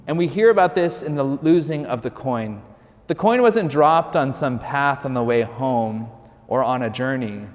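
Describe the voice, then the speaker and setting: Male priest, mid-range voice, casual storyteller with dry humor, booming church reverb. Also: animated, normal speed. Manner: conversational, lightly joking storytelling. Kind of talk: sermon.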